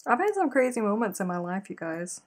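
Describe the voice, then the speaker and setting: A woman hosting a live crochet stream, chatting casually and telling animated stories straight to her viewers. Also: mid-range voice, brisk. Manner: chatty, animated storytelling, addresses viewers directly.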